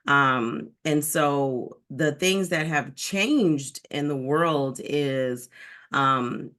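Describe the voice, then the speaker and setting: Frank woman telling a personal story. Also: low-pitched. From Detroit, Michigan, United States. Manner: frank, animated, with frequent ums and likes. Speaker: diversity and inclusion coach, guest. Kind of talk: candid personal storytelling in an interview.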